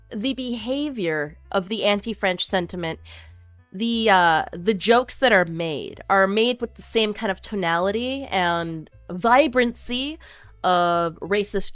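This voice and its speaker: A woman's voice: mid-range voice, no room sound. Woman streamer, casual opinionated chat, dry close sound, faint music bed. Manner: animated, opinionated, filler-heavy. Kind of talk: casual chat reading viewer comments.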